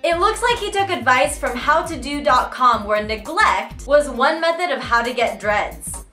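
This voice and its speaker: A young woman hosting a comedic web news roundup, snarky and playful with quick jokey asides. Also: high-pitched, lively intonation, over loud music. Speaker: show host.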